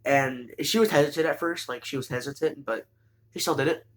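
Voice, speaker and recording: A man casually recapping an anime, rambling with lots of fillers and restarts and bursts of excitement. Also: a little high, a little fast.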